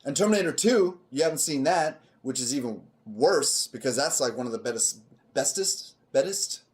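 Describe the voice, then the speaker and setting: A man's voice: medium pitch, a little fast. A man co-hosting a podcast in casual chat, emphatic and profane as he riffs on movies. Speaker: podcast co-host.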